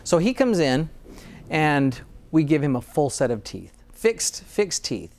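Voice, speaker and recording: A man with a fairly high voice talks as a dentist guest on an interview show. He sounds earnest and enthusiastic, and he often restarts his sentences as he speaks. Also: sing-song, unhurried, darkish tone. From Utah, USA. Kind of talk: interview conversation.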